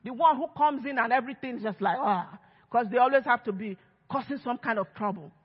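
Preaching briskly in a high, slightly rough voice, a woman lead pastor gives an emphatic sermon and acts out quoted voices. Her church-hall recording echoes and has a dull lo-fi character.

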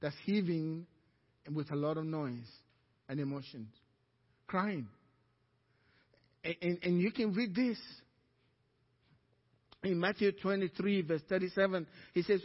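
High-voiced preaching man in an echoing hall. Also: a little slow, long pauses, muffled recording. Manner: swings from loud fervent peaks to low quiet storytelling. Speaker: pastor. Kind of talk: sermon.

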